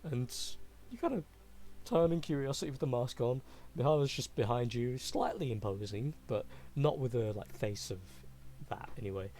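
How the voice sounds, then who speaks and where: A man's voice: medium pitch, expressive, normal speed, mellow. A man narrating a tabletop game as game master in a loose, casual way.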